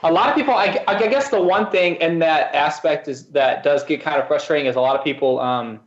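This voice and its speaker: A man from a band, a guest on a radio interview, recounting stories in a friendly, easy way. His voice sits slightly high for a man, and the sound is a little dull and muffled. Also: fairly quick, reverberant. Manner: friendly, storytelling. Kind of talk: casual interview chat.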